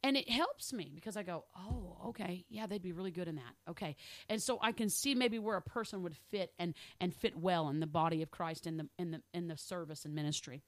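A woman's voice: fairly low pitch, brisk, dry recording. A middle-aged woman teaching a casual Bible study, chatty and laughing, checking in with "okay?" and acting out little dialogues. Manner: acts out little dialogues in other voices. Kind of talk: casual teaching on spiritual gifts.

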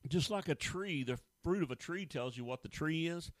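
A man's voice: on the high side, lively intonation, normal speed, no room sound. A middle-aged man preaching a sermon in a folksy, emphatic way, full of rhetorical questions. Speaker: pastor.

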